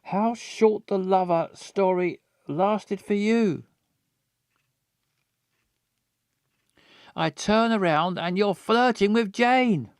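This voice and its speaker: A man's voice: sits high, lively intonation, measured pace, no echo, clean studio sound, voice pushed up. A man doing a jilted, furious young woman. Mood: accusing. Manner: melodramatic, repeats words insistently. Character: jilted angry young woman, sulky and dramatic. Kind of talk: reading game dialogue aloud.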